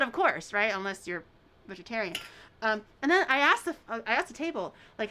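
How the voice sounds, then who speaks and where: A woman's voice: fairly high pitch, big pitch swings, brisk, pushed and bright. A woman hosting a baking video, chatting casually and rambling through stories with the odd swear. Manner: rambling storyteller, swears casually, many fillers. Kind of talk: casual chat while baking.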